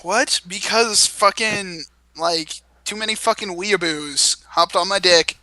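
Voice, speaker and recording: A young man co-hosting a loose podcast chat, swearing freely and joking crudely. His voice sits high with a bright, forward edge. The sound is dry and close. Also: slow, no echo. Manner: crude, profane, jokey. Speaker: podcast co-host. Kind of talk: casual chat.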